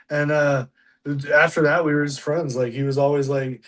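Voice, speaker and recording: A man's voice: fairly high pitch, flat delivery, brisk. A man in his forties, a wrestler guest on a podcast, chatting casually and retelling a story with quoted lines. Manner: laid-back, chuckling reactions, retells with quoted lines.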